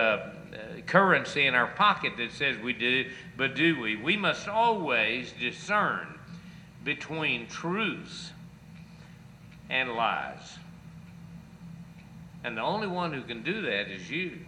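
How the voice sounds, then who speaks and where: A man's voice: medium pitch, bright, forceful tone, slight background noise, poor audio. A male pastor preaching a sermon, quoting scripture with chapter and verse and pressing his listeners with rising rhetorical questions.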